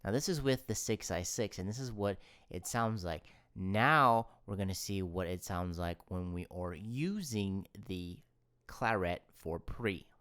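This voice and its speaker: A man casually reviewing his own audio gear to camera, explaining things in a relaxed, conversational way. He talks into a studio microphone in his home studio. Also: sits low, measured pace, clear, resonant tone. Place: home studio with a guitar amp. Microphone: studio microphone through an audio interface.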